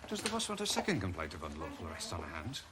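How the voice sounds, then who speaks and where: An actor playing an easygoing police constable who asks questions in a polite, brisk way, in a television police drama. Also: male voice, sits low, huge pitch swings, background noise.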